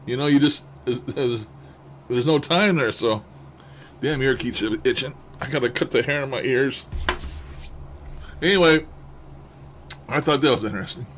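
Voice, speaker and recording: A man's voice: medium pitch, moderate pace, long pauses, fairly bright tone, a little hiss or hum. A man hosting a session, casually commenting and musing as he plays back recordings, chuckling to himself. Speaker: host reviewing spirit-box recordings. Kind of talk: casual commentary over playback.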